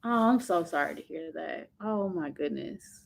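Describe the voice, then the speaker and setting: A woman's voice: on the low side, lively intonation, unhurried, creaky. A woman hosting a casual livestream from home, chatting with viewers and reacting sympathetically to their comments, with a loose, filler-heavy way of talking. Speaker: livestream host. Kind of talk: casual live chat reading viewer comments.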